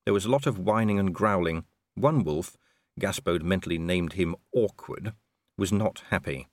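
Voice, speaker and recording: A man reading an audiobook aloud in scripted narration, measured and expressive. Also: low voice, no echo, clean studio sound.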